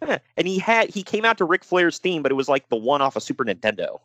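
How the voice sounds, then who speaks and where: A man co-hosting a casual podcast chat, animated and jokey, slipping into mock voices. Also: on the high side, fast talker, no room sound. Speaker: podcast co-host.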